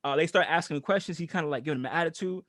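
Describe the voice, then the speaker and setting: Podcast co-host, male, high voice, animated and profane storyteller, dry close sound. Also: rapid-fire, no room sound. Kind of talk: casual storytelling chat.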